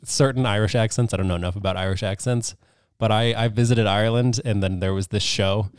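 A man's voice: lowish voice, steady tone, brisk, clear, resonant tone, no room sound, clean studio sound. A man co-hosting a podcast, giving firm opinions in casual chat. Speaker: podcast co-host. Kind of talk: casual movie-discussion chat.

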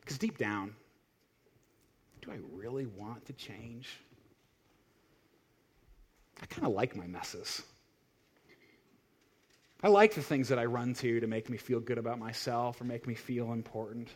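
A man's voice: mid-range voice, normal speed, pauses often, slightly rough. A male pastor giving a sermon in an emphatic style, full of searching rhetorical questions.

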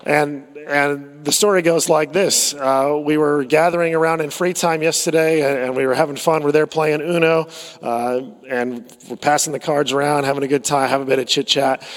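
A male pastor delivers a relaxed, storytelling sermon, often circling back on his words. His voice sits a bit high for a man. The sound rings with a long hall reverb. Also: moderate pace. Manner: storytelling, conversational, with fillers and repeats.

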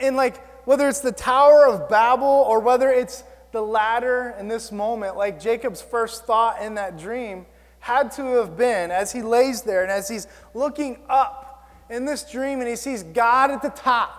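A male pastor preaching a sermon, telling stories in an animated, self-mocking way. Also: very high-pitched, long reverb tail.

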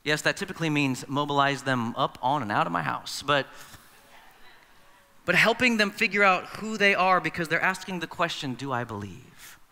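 A man's voice: on the high side, normal speed, bright, forceful tone. A man preaching a sermon as pastor in a church, conversational and acting out the voices he quotes. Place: church sanctuary. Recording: long reverb of a large hall.

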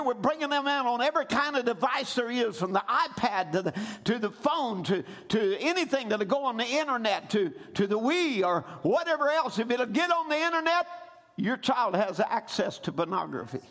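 High-voiced preacher. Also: male voice, very animated, normal speed. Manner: preaching with rising shouts and call-and-response amens. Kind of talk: sermon.

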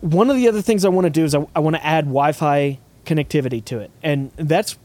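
Male podcast host, a touch high-pitched, rambling casual tech chat. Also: quick pace, darkish tone, no echo. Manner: rambling, restarts often, thinks aloud about designs.

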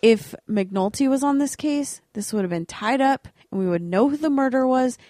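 A woman's voice: sits high, expressive, moderate pace, dark tone, no echo, clean studio sound. A woman co-hosting a podcast, talking in an earnest, rambling, hesitant way in casual chat. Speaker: podcast co-host.

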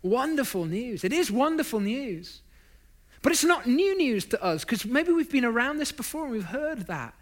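A man's voice: very high voice, sing-song, moderate pace. A man preaching a sermon, stacking up emphatic lists of phrases and dropping in self-deprecating asides.

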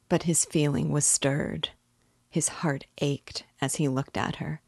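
A woman teacher reading a novel aloud in a measured, even narration. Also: low voice, vocal fry, slightly rough, dry recording, clean studio sound. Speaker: literature teacher.

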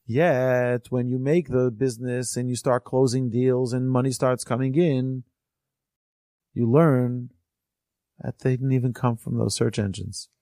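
A man's voice: mid-range voice, steady tone, unhurried, warm tone, dry recording, clean studio sound. A religious teacher telling a parable and explaining it to his weekly class in an earnest, discursive way. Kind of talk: storytelling lesson.

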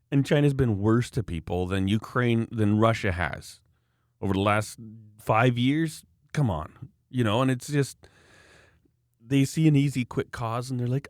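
A man's voice: mid-range voice, moderate pace, no room sound, studio quality. A man talking in a casual, opinionated, rambling way, acting out the people he quotes. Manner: opinionated, rambling, animated quoting. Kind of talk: casual political chat.

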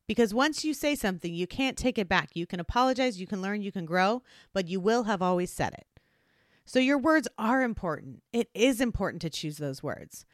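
A woman hosts a solo advice podcast, speaking earnestly and animatedly as she acts out different tones of voice. Her voice is mid-range, and the recording is dry with clean studio sound.

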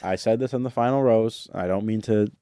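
A man's voice: on the low side, dark tone, clean tone, dry recording, clean studio sound. A man co-hosting a podcast, chatting casually and giving his opinions with frequent laughs. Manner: opinionated, laughs often, drawn-out asides. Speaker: podcast co-host.

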